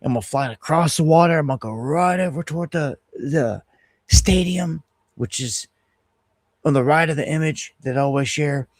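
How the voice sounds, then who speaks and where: A middle-aged man hosting a casual livestream, telling a story in an animated, heated way and restarting his sentences often. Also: fairly high pitch, moderate pace, no room sound. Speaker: host of an independent news livestream.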